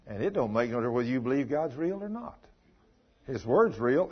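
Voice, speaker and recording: Husky man preaching a sermon. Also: mid-range voice. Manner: emphatic, rising and falling with storytelling. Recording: dull lo-fi recording.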